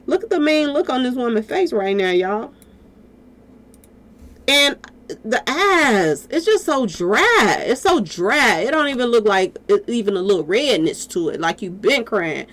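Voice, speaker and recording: A woman's voice: fairly high pitch, animated, measured pace, a bit bright. A woman giving casual spoken commentary to her viewers, talking straight at them with lots of rhetorical questions. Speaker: commentary vlogger.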